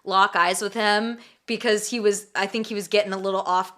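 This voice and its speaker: A woman's voice: mid-range voice, steady tone, a little fast, a bit bright. A woman co-hosting a podcast in casual chat, rambling with lots of fillers. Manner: chatty, rambling with many fillers. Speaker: podcast co-host.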